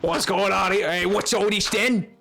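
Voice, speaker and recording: A man's voice: high voice, moderate pace, vocal fry, noisy background, voice pushed up. A man putting on an exaggerated, put-on posh English voice as a blustering, nosy British man.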